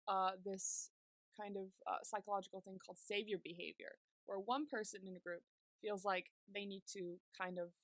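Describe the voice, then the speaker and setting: Young woman chatting thru a show recap, says like a lot, bit of vocal fry, super dry audio. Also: medium pitch, fairly bright tone, no echo. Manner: chatty, many "like" fillers while retelling scenes. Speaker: podcast co-host. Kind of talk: casual episode recap.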